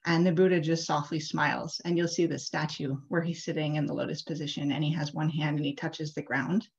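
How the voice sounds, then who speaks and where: Woman interfaith leader, low voice, casual chatty sermon delivery, muffled video call sound. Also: level tone, brisk, gravelly. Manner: casual, chatty, many "like" and "uh" fillers. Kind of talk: storytelling sermon. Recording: dull lo-fi video call audio.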